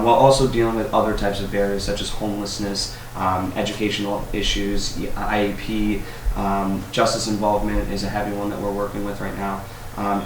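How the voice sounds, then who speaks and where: A man in his thirties from Massachusetts, talking in a friendly way with many ums as a guest on a local radio show. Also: lowish voice. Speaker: guest, program manager. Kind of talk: casual radio talk. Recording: roomy, distant mic, faint noise.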